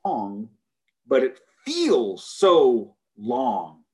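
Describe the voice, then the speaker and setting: Man from the US, mid pitch, podcast co-host, animated, emphatic, joking, casual chat. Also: extremely slow, husky. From United States.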